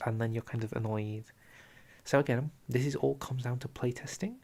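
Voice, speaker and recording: Young male streamer, gravelly edge, loose chatty commentary, a bit winded. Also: medium pitch, steady tone, normal speed. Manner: chatty, chats with viewers, trails off into quiet asides. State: out of breath. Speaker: streamer reviewing a strategy game dev diary. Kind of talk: casual live-stream commentary.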